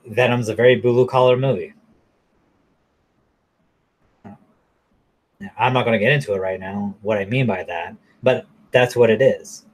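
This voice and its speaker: A man ranting casually to camera in a blunt, profane, rambling way, now and then mocking people in a high falsetto. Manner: mocks others in high falsetto. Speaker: vlogger.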